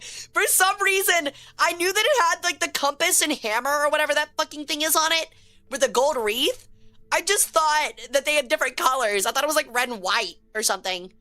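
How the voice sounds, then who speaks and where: A woman streamer giving casual live game commentary, excitable and quick to swear, chatting with her viewers. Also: sits high. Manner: excitable, swears a lot when frustrated, chats with viewers.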